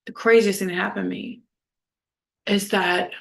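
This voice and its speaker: A woman's voice: mid-range voice, fairly even intonation, moderate pace, gravelly, a bit bright. A woman from New Orleans telling a candid personal story, rambling with lots of "like" and blunt swearing. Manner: rambling, heavy use of "like", blunt and profane. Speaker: vlogger.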